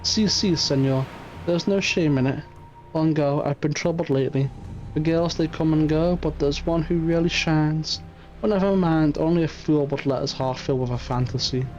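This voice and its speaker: Voicing a flamboyant, lovesick Spanish fishmonger for a game reading, this man puts on a Spanish accent. His natural, somewhat high voice is a little mellow and moves at normal speed, captured in muffled stream audio with faint music behind it.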